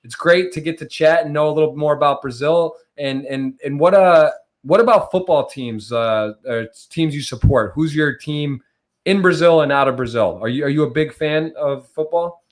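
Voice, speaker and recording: A man's voice: on the high side, normal speed. A man hosting a live-streamed poker podcast, chatty and upbeat, often restarting his sentences. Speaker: podcast host.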